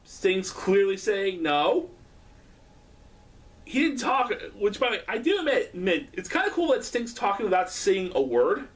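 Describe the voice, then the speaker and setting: Man, casual vlog, rambling, profane, lively pitch, distant mic. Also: measured pace. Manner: excitable, profane, laughing often. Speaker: vlogger. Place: home.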